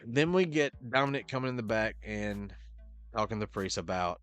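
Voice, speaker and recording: A man with a lowish voice runs through a wrestling episode in a loose, casual recap. He swears freely and drops into quick offhand impressions of the wrestlers as he goes. Faint music sits quietly behind him. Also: lively intonation, smooth. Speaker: podcast host.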